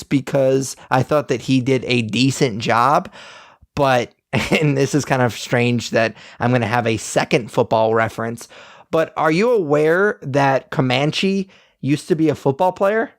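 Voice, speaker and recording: Young male podcast co-host, gravelly, dry close mic, blunt and rambling. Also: medium pitch, unhurried, dry recording. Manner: rambling, blunt, animated opinions. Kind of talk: casual review chat.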